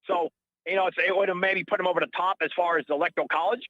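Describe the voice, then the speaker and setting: Fast, high-pitched ranting man caller. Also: fairly even intonation, dry recording, narrow, tinny audio. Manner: rambling, indignant, repeats himself. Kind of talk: heated call-in rant.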